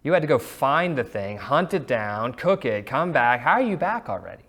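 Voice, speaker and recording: A man voicing an old blind father who is suspicious and unsure, in a hushed, musing way. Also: medium pitch, big pitch swings, normal speed.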